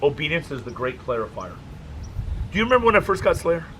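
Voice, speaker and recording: A man leading a dog-training workshop, telling jokey stories in a casual, animated way. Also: a little high, quick pace, a little hiss or hum, low-quality recording. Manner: animated, joking storyteller. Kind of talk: casual workshop talk with anecdotes.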